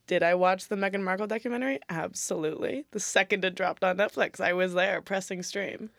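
Bright-voiced chatty young woman. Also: mid-range voice, gravelly, no room sound, clean studio sound. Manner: chatty, quick filler-heavy talk with frequent laughs. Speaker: podcast co-host. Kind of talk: casual chat.

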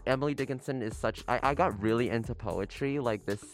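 An upbeat young man co-hosts a casual podcast and talks eagerly about shows he likes. His pitch sits in the middle range. Faint music plays behind him. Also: fast. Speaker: podcast co-host. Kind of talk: casual chat.

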